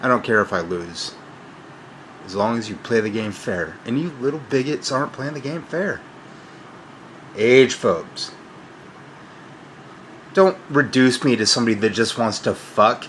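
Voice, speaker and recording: A man's voice: medium pitch, lively intonation, measured pace, pauses often, fairly bright tone, slight background noise. Mocking, combative middle-aged man ranting. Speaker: channel host. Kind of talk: ranting monologue to camera.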